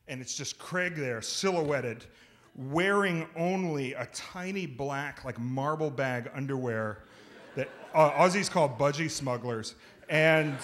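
A man's voice: fairly high pitch, fairly bright tone. A man telling a comic, profane, self-mocking story on a theater stage.

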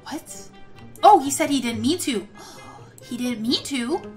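Dramatic high-voiced woman gamer. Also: expressive, unhurried, darkish tone, faint music behind. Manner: dramatic, gasping, exclaiming. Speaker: gaming channel host. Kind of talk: playing a kid in game role-play.

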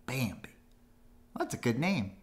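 A man voicing an excitable young male rabbit in a storybook read-aloud, chattering eagerly. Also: medium pitch, measured pace, pitched above the performer's own voice.

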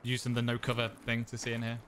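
A man from Derby with an East Midlands accent, streaming and chatting casually while gaming, with loud sweary outbursts. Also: mid-range voice, monotone, fast talker. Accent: East Midlands English. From Derby, England. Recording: game noise under voice.

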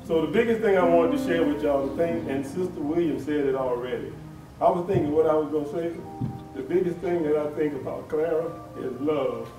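A man's voice: on the high side, a little fast, music in the background. Emotional man in an echoey chapel. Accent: Louisiana. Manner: emotional, folksy and conversational. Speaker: family member giving a eulogy. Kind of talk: heartfelt funeral tribute. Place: funeral home chapel. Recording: echoey livestream from far off.

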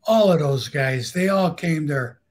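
A man with a husky, somewhat high voice spins casual, blunt stories from his past. He talks plainly and swears without a second thought. He often laughs at his own punchlines. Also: expressive, measured pace. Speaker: guest storyteller. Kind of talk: casual storytelling.

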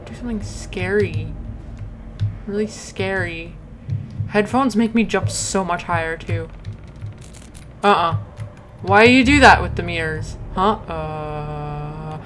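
A woman's voice: lowish voice, slow pace, pauses often, fairly bright tone, slight background noise. A woman commenting on her horror gameplay, nervous and easily startled, often talking back to the game. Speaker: let's play host.

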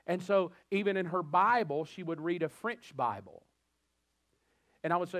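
A man with a Southern American accent preaches a sermon in a fairly high voice. He is animated, repeats his words as he starts a thought, and acts out small scenes. The sound is dry and close. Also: brisk, dry recording. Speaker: pastor. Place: church.

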